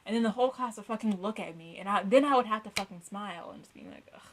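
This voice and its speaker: A woman's voice: medium pitch, very fast, slight background noise, low-quality recording. A young woman co-hosting a podcast in casual chat, blunt and rambling, swearing often and filling with "like". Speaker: podcast co-host.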